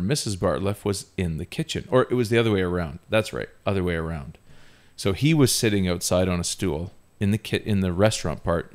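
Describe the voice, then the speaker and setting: Low-voiced man telling a story. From Ontario, Canada. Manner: animated, self-mocking, laughs often while telling. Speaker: podcast host. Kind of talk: casual storytelling.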